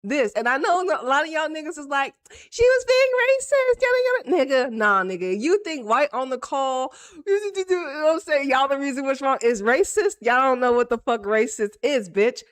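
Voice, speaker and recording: A woman talks football in loose, unscripted banter with a high voice that leaps all over the place. Her delivery is animated and profane, full of quick asides, and the sound is dry and close with no room around it. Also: no room sound. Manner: animated, profane, rapid banter with acted quotes. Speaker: football commentator. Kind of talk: casual reaction commentary.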